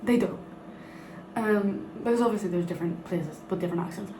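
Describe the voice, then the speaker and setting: A woman's voice: mid-range voice, a little fast. Giggly Northern Irish woman in an echoey room. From Northern Ireland. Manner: chatty and giggly, swears freely, talks in bursts. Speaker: book vlogger. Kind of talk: casual chat to camera. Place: bathroom at night. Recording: echoey room with background noise.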